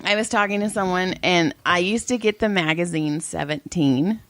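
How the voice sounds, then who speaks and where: A woman's voice: on the low side, moderate pace, fairly bright tone, no room sound. A woman co-hosting a casual podcast, blunt and teasing, swearing and laughing often. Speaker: podcast co-host. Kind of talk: casual chat.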